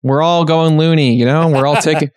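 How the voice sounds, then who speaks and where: Joking man, slightly high, dry. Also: fairly even intonation, fairly quick, smooth, dry recording. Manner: joking, mock-questioning riffs. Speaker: podcast co-host. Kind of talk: casual comedic chat.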